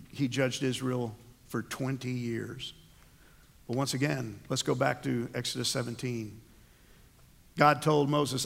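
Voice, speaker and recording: A man's voice: mid-range voice, gravelly, a bit bright, big-room sound. A man preaching a sermon as the pastor, asking the congregation rhetorical questions.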